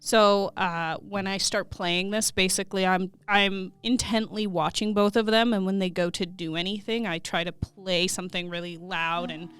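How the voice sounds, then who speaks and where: A woman's voice: mid-range voice, steady tone, normal speed, hardly any pauses, fairly bright tone, clear, resonant tone, dry recording. A woman playing a tabletop game, chatting and thinking aloud as she plans her turn. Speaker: player. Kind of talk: casual tabletop game play.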